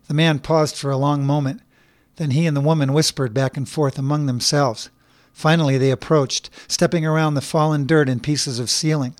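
A man's voice: fairly high pitch, no echo. Man narrating a story, dry close sound. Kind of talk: scripted narration.

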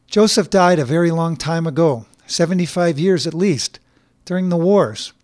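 A kind grown woman voiced by a man who speaks gently and frankly in an easy, conversational way. The pitch sits a little high. The recording is dry. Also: moderate pace, no room sound, close to an everyday voice. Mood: gentle.

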